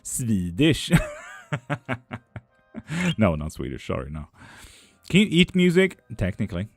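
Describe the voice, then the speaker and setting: Male live-stream reader, low voice, very lively pitch. Reads chat aloud, then answers dry and teasing. Soft music in the background. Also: measured pace, dry recording.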